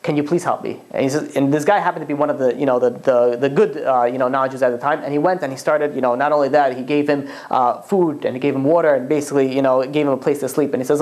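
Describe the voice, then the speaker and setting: A low-pitched woman tells a story in a religious talk. She keeps stopping and restarting her sentences and leans on "you know" as she goes. Her phrasing carries bits of Yiddish-flavored slang. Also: steady tone, a little mellow. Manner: halting, full of restarts and "you know" fillers.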